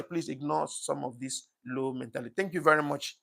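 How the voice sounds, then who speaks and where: Male livestream host, gravelly voice, thankful and apologetic, emotional, casual chat. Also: a little high, steady tone, quick pace, background noise. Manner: emotional, says things get to him easily. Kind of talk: casual live-stream chat reading comments.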